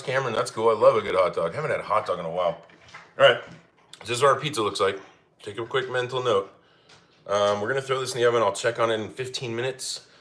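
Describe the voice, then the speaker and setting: A man's voice: lowish voice, a bit bright. A man from Colorado casually chatting with his livestream chat while he cooks, reading out and answering the comments. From Colorado, United States. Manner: chatty, reads chat comments aloud, easygoing. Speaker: livestream cooking host.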